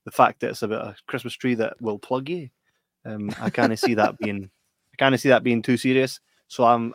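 A man's voice: medium pitch, no echo, studio quality. A middle-aged man with a Scottish accent, co-hosting a casual podcast chat and telling stories with plenty of laughs. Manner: chatty, laughing storyteller. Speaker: podcast co-host.

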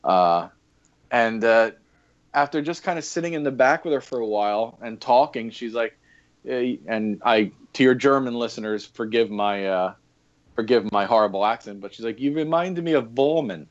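In this relaxed podcast interview, a male guest spins stories full of fillers, his voice on the low side and his pace moderate. The lo-fi recording sounds dull.

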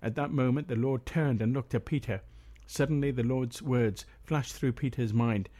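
A man reads scripture aloud at a steady pace, his voice mellow and relaxed. When he speaks in his own words as the meeting's leader, he talks in a loose way with hesitant ums and uhs. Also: medium pitch, normal speed, few pauses. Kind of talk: Bible reading and spoken commentary.

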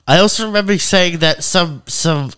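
Man, podcast co-host, casual chat, slightly high voice, quick agreements. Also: bright, forceful tone, clean tone. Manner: listens and chimes in with short agreements.

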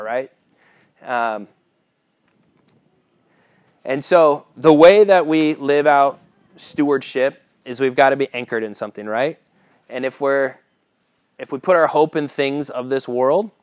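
A man's voice: medium pitch, dry recording. A man preaching a sermon, telling a personal story in a casual, chuckling way and often asking the listeners "right?".

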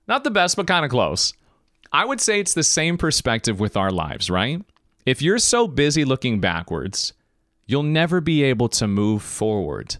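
A man's voice: medium pitch, normal speed, no echo, studio quality. A man hosting a podcast stream, giving casual motivational talk and speaking directly to his viewers. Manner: animated, preachy, talks to viewers directly.

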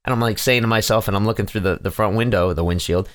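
A man's voice: fairly low pitch, quick pace, clean tone, dry recording. A middle-aged man co-hosting a casual family podcast, telling stories with lots of stammers and restarts. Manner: animated storyteller, frequent stammers and restarts. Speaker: podcast co-host, father.

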